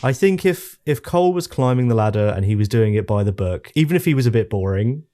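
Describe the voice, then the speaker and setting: Animated man telling a story. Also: medium pitch, quick pace. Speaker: podcast co-host. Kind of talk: casual chat.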